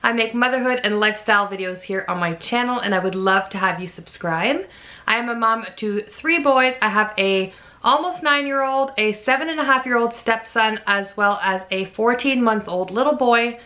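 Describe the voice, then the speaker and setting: Bright chatty woman vlogging. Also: a little high, normal speed. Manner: chatty and emotional, laughs often. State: fatigued. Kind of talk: casual pregnancy vlog.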